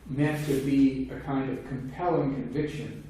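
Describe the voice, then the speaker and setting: A man's dark, steady, mid-range voice carries a philosophy lecture at a moderate pace. He talks conversationally and at length, slipping in wry, casual asides. The recording has a very echoey room sound, a distant mic, and faint noise.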